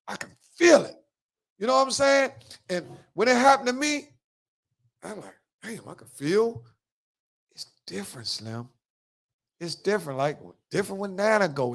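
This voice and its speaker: A middle-aged man from Washington DC with a DC accent, hosting a podcast and telling stories in emphatic, slangy street talk. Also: a little high. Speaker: podcast host.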